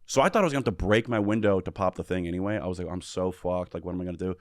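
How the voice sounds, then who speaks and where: A man telling a story in casual podcast talk, animated and profane, acting out what everyone said. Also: deep voice, very fast, no echo, clean studio sound. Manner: animated, profane, acts out quotes. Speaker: podcast guest.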